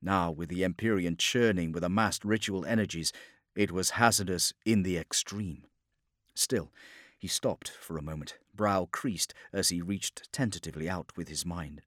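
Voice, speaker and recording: A man narrating a war story as a scripted audiobook, in a steady, dramatic storytelling delivery. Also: low-pitched, normal speed, dry recording, studio quality.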